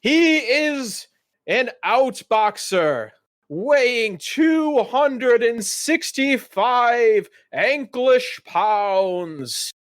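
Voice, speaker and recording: Man playing a squat dwarf announcer, booming, stretched-out calls, high and loud. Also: expressive, extremely slow, exaggerated voice. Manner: booming ring-announcer shouts.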